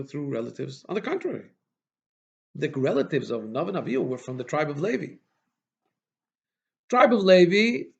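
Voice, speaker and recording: Rabbi guy teaching a torah class, gravelly voice, kinda muffled lo-fi recording. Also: a little high. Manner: questioning, emphatic, frequent restarts and Hebrew terms.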